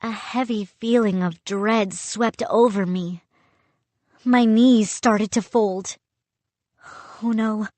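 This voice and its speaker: A woman narrating a spooky children's audiobook in an expressive, dramatic first-person reading. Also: medium pitch, slow, no echo. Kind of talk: scripted storybook narration.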